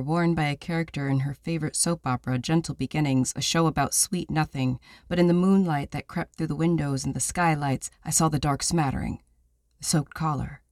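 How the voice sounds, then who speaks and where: A man's voice: a little high, darkish tone, dry recording. Somber male audiobook narrator, dry studio sound. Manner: measured, somber storytelling. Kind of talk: scripted first-person narration.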